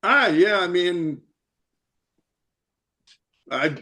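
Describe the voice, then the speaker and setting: A man guest on a podcast, telling a road story in a chatty, animated way and laughing often. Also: high-pitched, very slow. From United States. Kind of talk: casual storytelling.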